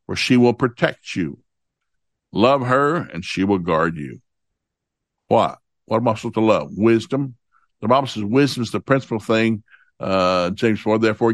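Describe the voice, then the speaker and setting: A man teaching from the Bible in a homespun way, repeating each verse reference and reading scripture slowly. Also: fairly low pitch, dry recording, studio quality. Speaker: preacher.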